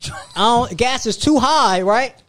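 A young man telling a story in casual chat, animated, laughing often and repeating himself. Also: extremely high pitch, measured pace, soft background music.

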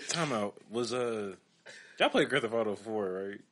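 A man's voice: fairly low pitch, animated, moderate pace. A man co-hosting a podcast in casual chat, loose and laughing, with lots of fillers. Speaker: podcast co-host.

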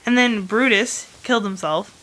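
Bright-voiced woman rambling through a story. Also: medium pitch, moderate pace. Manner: rambling, chatty storytelling full of "like" fillers; animated retelling of history with bursts of humor. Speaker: host. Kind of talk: casual chat.

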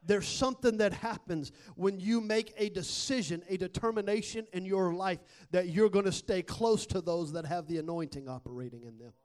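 A man preaching a sermon, telling a personal story and building to shouted exhortation. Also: high voice, moderate pace, few pauses.

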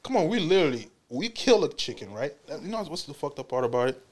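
A man's voice: a little high, big pitch swings, fast talker, darkish tone. Joking, swearing podcast co-host man. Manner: joking, profane, acts out quotes. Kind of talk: casual chat.

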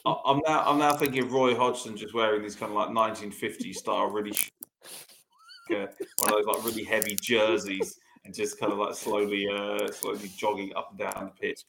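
A man's voice: fairly low pitch, flat delivery, fairly quick, creaky, a bit bright, low-quality recording. A man co-hosting a casual football podcast, rambling and hesitant with lots of fillers. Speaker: podcast co-host. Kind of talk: casual chat.

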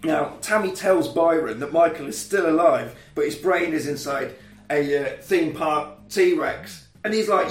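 A man with a high voice recounts a film plot with lively energy, slipping into voices for the characters. He sits a little back from the mic in an echoey room, with faint music underneath. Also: unhurried, far from the mic. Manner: animated retelling, acting out characters' lines with laughs. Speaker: podcast co-host recapping a film. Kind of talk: casual chat.

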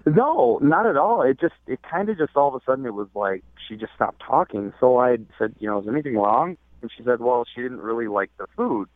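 A man's voice: medium pitch, lively intonation, brisk, few pauses, dry recording. A man calling in by phone, telling his story in a hesitant way with lots of fillers. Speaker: caller. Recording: tinny phone line.

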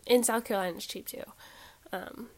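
A woman's voice: fairly high pitch, fairly even intonation, fairly quick, darkish tone. Chatty young woman with a stuffy nose. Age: 20s. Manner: chatty, rambling, frequent ums and likes. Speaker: podcast host. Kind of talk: casual solo life-update chat.

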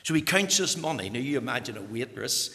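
A man preaching a sermon, dropping to hushed whispers and then rising to loud, fervent emphasis. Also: mid-range voice, lively intonation, a little fast. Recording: long reverb of a large hall.

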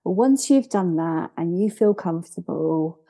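A woman's voice: fairly low pitch, animated, measured pace, warm tone, slightly rough. A woman in her forties, raised in Scotland, speaking earnestly as a podcast guest, hesitant with frequent restarts. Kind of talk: reflective interview talk.

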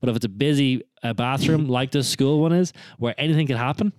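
A man's voice: mid-range voice, quick pace, no echo. A young man co-hosting a podcast, telling rambling stories with frequent restarts. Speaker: podcast co-host. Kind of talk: casual chat.

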